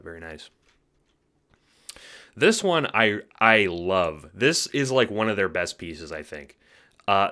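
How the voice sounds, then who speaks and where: A man's voice: sits low, sharp tone. A man casually reviewing fan art, enthusiastic and rambling, swearing freely, sleepy late at night. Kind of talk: casual commentary.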